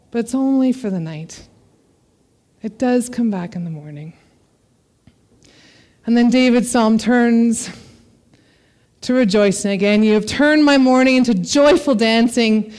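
Female preacher, high voice, expressive scripture reading, parent. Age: adult parent. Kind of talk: sermon.

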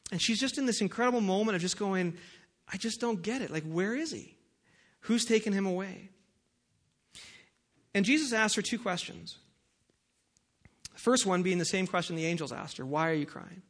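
A man with a notably high voice preaches a sermon. He talks in a relaxed, conversational way, with everyday asides and fillers. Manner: prays in a soft, lowered voice. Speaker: pastor.

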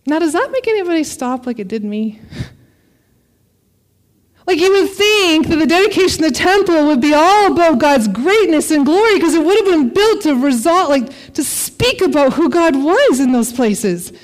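High-voiced woman preaching a sermon. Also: moderate pace. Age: adult parent. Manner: expressive, dramatic scripture reading with laughs.

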